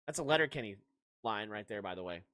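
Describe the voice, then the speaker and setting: This brash sports podcast host talks fast in a lowish, animated voice with a bright, forceful tone, responding to his chat during a livestream. He throws out dismissive outbursts and rants in a loose, jokey manner between team picks, laughing at his own jokes.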